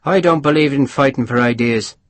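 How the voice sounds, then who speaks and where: A man's voice: mid-range voice, brisk, no room sound, natural voice. A man doing a wry engineer captain. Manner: wry, explanatory. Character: witty, worldly Irish engineer captain, middle-aged. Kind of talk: audiobook character voice.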